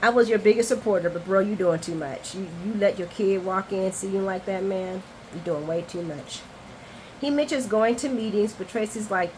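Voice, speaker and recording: A woman hosting a casual soap opera recap, chatty, expressive and candid. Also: fairly high pitch, moderate pace, a little hiss or hum, poor audio.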